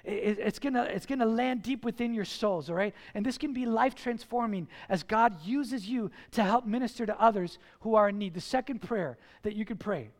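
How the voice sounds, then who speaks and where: A male pastor delivers a sermon in an unusually high voice. He preaches with energy, acts out little conversations and leans hard on the phrases he wants to land. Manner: animated preaching, slows and stresses key phrases, acts out dialogue. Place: church.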